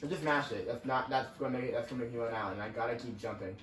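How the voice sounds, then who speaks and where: Rapid-fire and a bit bright, the mid-range voice of a young channel host rambles through casual let's-play commentary on a racing game, reacting in the moment. A roomy, distant mic adds faint ambience, along with a little hiss or hum.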